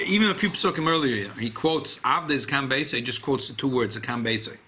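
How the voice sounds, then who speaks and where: A rabbi teaches a Torah class in a study hall, with a bright, ringing voice that swings widely in pitch. He talks in an emphatic, animated way and keeps repeating key phrases as he builds his argument. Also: moderate pace, slight background noise.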